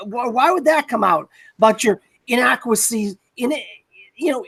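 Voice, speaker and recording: A man's voice: very high-pitched, normal speed, gravelly, fairly bright tone, slightly rough. A man hosting a casual film discussion podcast, recapping scenes in a hesitant way with many fillers. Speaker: podcast host.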